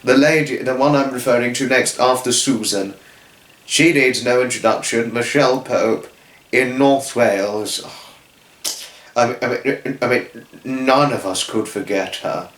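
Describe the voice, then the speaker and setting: A man's voice: mid-range voice, a little slow, fairly bright tone, roomy sound, poor audio. A man hosting his own channel, giving a rambling, effusive spoken tribute to friends, full of restarts and fillers. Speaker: channel host.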